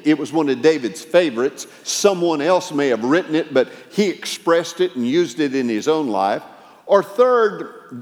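A man's voice: on the high side, a little mellow, in a large hall. A man preaching a sermon, retelling scripture with dramatic swings in volume.

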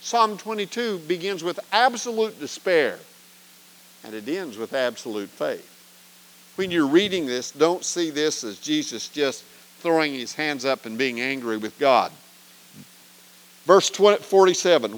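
A man's voice: fairly high pitch, very animated, unhurried, rough recording. A man teaching an evening Bible study as a pastor, earnest and emphatic, often asking rhetorical questions.

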